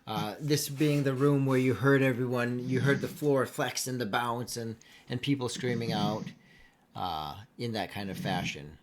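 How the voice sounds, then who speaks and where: A man narrating as game master at a slow, deliberate pace. He pauses often and fills the gaps with uhs. A faint hiss of noise runs underneath his voice. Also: mid-range voice. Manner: unhurried narration with many filler uhs.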